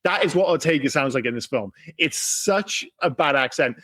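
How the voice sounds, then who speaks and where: Higher-voiced man, lively podcast chat. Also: normal speed. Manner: animated, swears freely, acts out lines in quoted voices. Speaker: podcast co-host. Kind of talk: casual film-review chat.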